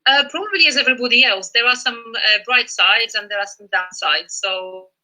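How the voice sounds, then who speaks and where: Bright-voiced woman teaching an online Spanish lesson. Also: on the high side, a little fast, low-quality recording. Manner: chatty, encouraging, with fillers. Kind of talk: live online language lesson.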